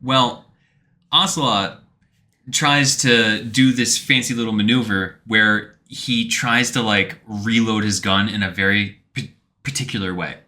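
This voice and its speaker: A man's voice: fairly low pitch, unhurried, pushed and bright. A man co-hosting a podcast, chatting casually and jokingly about a game and laughing often. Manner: jokey, laughs often, acts out characters in quotes. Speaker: podcast co-host. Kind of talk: casual chat recapping a video game.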